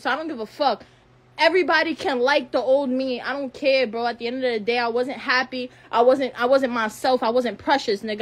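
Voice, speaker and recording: An 18-year-old woman with a high-pitched, fairly bright voice rants angrily on a live stream, with a little hiss or hum in the audio. Heated and profane, she swears constantly, repeats phrases, and stutters over her words when upset.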